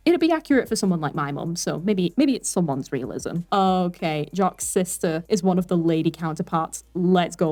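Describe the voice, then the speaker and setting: A young woman giving casual spoken commentary with chatty, animated asides and frequent laughter. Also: lowish voice. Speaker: art commentary YouTuber.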